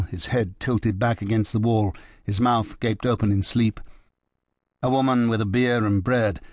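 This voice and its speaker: A man narrating an audiobook in a measured, even manner. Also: lowish voice, no echo, clean studio sound. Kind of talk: scripted narration.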